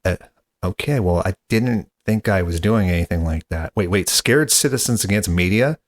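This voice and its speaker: A man's voice: sits low, moderate pace, no echo. Exasperated male podcast host. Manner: exasperated, casual. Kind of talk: comedy sketch.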